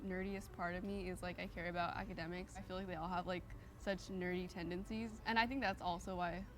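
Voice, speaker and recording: A young woman on a reality game show, chatting rapidly with lots of filler words. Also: lowish voice, steady tone, background noise. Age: young adult. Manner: rapid filler-heavy chat.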